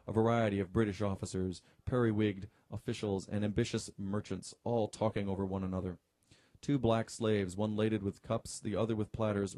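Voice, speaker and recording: A middle-aged man reads a novel aloud in a low, warm, mellow voice. He is a radio host who drops easygoing, joking asides between passages. His voice sounds dry and close. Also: no echo.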